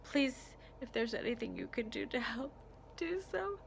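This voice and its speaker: An American vlogger cries to the camera while making a rambling, emotional personal plea, often restarting her sentences. Her voice sits high and animated with vocal fry and a fairly bright tone, she talks a little slowly, and there's a faint hiss or hum.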